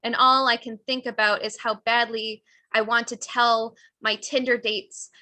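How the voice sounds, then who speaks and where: A woman author giving a live reading of her own memoir at a cafe event, with raw, intense emotion and shifting pace and loudness. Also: a little high, little pitch movement, a little slow, no room sound.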